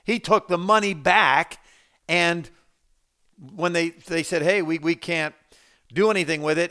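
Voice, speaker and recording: A pastor preaching a sermon, dropping to quiet low asides and then rising to loud emphatic lines. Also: male voice, normal speed, clear, resonant tone.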